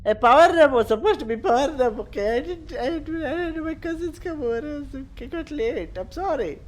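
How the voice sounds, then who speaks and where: A young man chatting casually on a game stream, animated and teasing. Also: very high voice, a little fast. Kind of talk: casual gaming stream chat.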